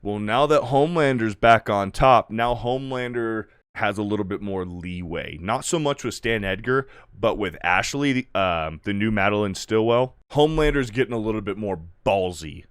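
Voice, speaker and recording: Profane rambling male reviewer, low voice. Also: expressive, normal speed, few pauses, smooth, no room sound, clean studio sound. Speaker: video reviewer. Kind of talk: casual episode recap.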